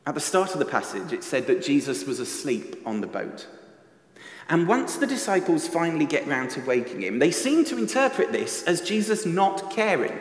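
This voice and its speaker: A man's voice: fairly high pitch, big pitch swings, moderate pace. A man giving a reflective sermon in a church, often asking his listeners questions. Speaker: preacher. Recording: echoey church hall reverb.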